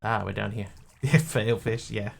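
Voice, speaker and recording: Gravelly-voiced man streaming a game. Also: lowish voice, normal speed, a little hiss or hum. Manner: rambling, joking, talks to chat. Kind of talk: live game commentary and chat.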